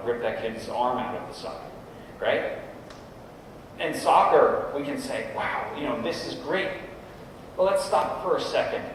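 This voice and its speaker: A middle-aged man, a guest speaker at a coaches' meeting, gives an informal talk in a large room, conversationally adding "right?" to check in with the audience. His voice is medium-pitched, with slight background noise, and a distant camera captures the echoey hall from far off.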